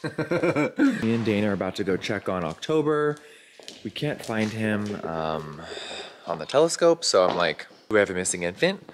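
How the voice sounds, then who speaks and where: A man's voice: fairly low pitch, sing-song, a little slow, pauses often, a little hiss or hum. A man vlogging outdoors in a pasture on a handheld camera. He talks casually and frankly, with some swearing. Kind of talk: casual vlog narration. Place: outdoors in a ranch pasture at dawn. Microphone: handheld camera mic.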